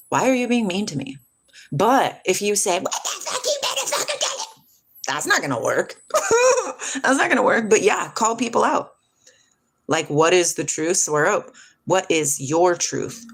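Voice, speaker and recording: A middle-aged woman hosting a casual spiritual livestream, reading viewers' comments aloud and answering them with lots of laughter. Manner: animated, laughs often, jumps between hushed and high. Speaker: livestream host reading chat.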